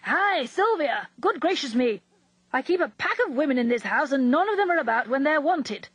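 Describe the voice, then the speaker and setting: A woman reading aloud, voicing a gruff, absent-minded old male professor who blusters and grumbles. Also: fairly high pitch, very animated, moderate pace, no echo, full character voice. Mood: grumbling.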